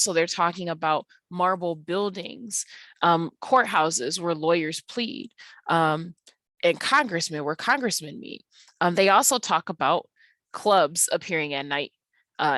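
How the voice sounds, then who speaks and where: Woman teacher explaining slides, low and dry. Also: fairly bright tone, no room sound. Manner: explanatory, with frequent ums and uhs. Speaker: English teacher. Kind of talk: recorded slide lecture.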